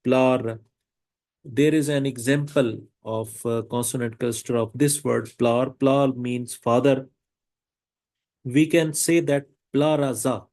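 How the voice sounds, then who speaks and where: A man giving a webinar lecture over a video call, pausing often with fillers. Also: mid-range voice, a little mellow. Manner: slow, hesitant with frequent fillers.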